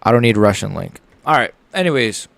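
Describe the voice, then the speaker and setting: A man's voice: mid-range voice, animated, fairly quick, creaky, fairly bright tone, dry recording. A young man hosting a casual live reaction stream, rambling and stumbling over his words as he chats. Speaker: livestream host.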